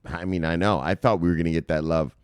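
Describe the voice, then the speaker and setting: A man hosting a crypto news show, talking casually and brashly to his viewers, swearing often and reading out viewer shout-outs. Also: deep voice, steady tone, quick pace, clean tone, no room sound. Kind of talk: casual profane market commentary to viewers.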